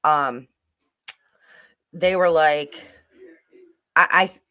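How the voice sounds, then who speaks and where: A livestream host meanders through a true-crime case, often beginning sentences again and interrupting to respond to the chat. Delivery is extremely slow, with a mid-pitched voice that sounds pushed and bright.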